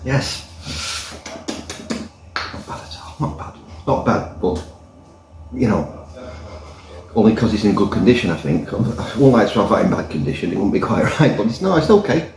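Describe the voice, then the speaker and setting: A man's voice: fairly low pitch, big pitch swings, moderate pace, a little mellow, slight background noise. A man reviewing a pint in a pub, chatting in a rambling, jokey way. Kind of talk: casual review with a joke. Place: indoors in a pub by the fire. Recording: roomy pub echo.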